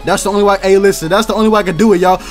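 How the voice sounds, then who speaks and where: A young man doing loud, slangy, excitable let's-play commentary, swearing and shouting at game characters. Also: sits high, racing, over music. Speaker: gaming YouTuber.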